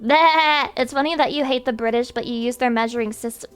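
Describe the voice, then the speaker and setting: A woman's voice: high-pitched, fairly quick, clean tone, faint music behind. A woman streamer chatting casually with her viewers in a profane, rambling rant.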